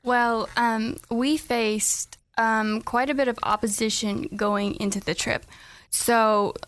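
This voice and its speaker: Woman, young adult, radio guest, fairly high voice, earnest, halting, many ums, dry close mic. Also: fairly even intonation, fairly bright tone, no room sound. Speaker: guest, student back from a mission trip. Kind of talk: casual radio interview. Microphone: studio microphone.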